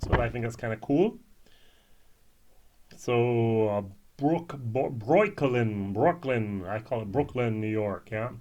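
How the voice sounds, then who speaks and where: A man's voice: mid-range voice, measured pace, pauses often, dark tone. A man reviewing whisky in a casual, musing way, with frequent ums and restarts.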